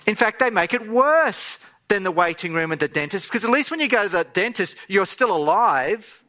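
A man delivers a sermon with a bright, slightly high voice. He tells a story with animated energy and acts out the voices in it. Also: normal speed. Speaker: preacher.

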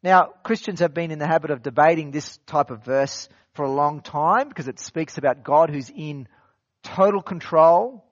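A man with a fairly high voice preaches a sermon in a relaxed, conversational way. He repeats phrases for emphasis and asks his listeners rhetorical questions. The recording is dry and a bit dull. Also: normal speed, no echo. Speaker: pastor. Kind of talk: expository sermon.

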